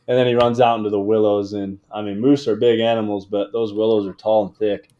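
A young man telling a hunting story in casual talk, animated and laughing as he goes. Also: on the low side, fairly quick, highs cut off. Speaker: guest, game call maker.

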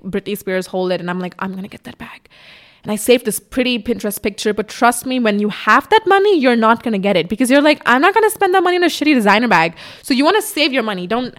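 A young woman YouTuber talking to her camera in a casual sit-down vlog, chatty and candid, swearing casually. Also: mid-range voice. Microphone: camera on tripod in front of her.

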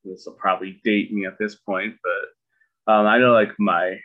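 A middle-aged man co-hosting a podcast in casual chat, making dry jokes with halting fillers. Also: on the low side, fairly even intonation, narrow, tinny audio. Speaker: podcast co-host.

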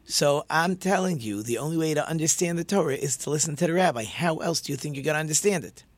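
A wise old rabbi explains calmly and firmly to his student, as a storyteller voices him. The voice sits slightly high and sounds dry and close, with no room around it. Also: fast, dry recording, lightly acted. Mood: patient. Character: patient wise old male rabbi teaching.

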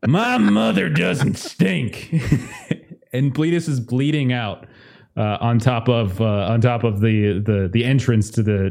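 A man's voice: medium pitch, dark tone. A man narrating as game master of a tabletop game, casual, with many fillers and restarts.

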